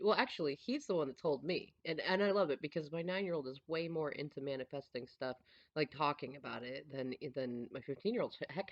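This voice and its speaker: A mother chatting casually as she tells a family story, animated and laughing often. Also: low voice, muffled recording.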